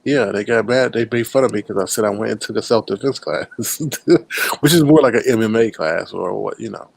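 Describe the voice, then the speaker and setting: A man hosting a casual online chat show in a relaxed, drawling way, saying y'all. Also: on the low side, moderate pace, gravelly, breathy edge, no echo. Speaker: host.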